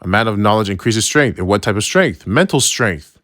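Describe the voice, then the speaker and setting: Low-voiced man giving a casual Bible lesson. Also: animated, normal speed, a bit bright, dry recording, studio quality. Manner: conversational, keeps asking "right?"; slangy, loose phrasing with restarts. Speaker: religious teacher.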